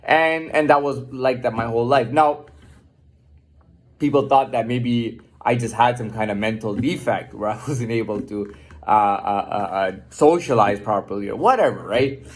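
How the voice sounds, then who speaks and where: A man's voice: medium pitch, moderate pace. A man delivering an unscripted, profane, defiant monologue rant, often repeating and restarting his words.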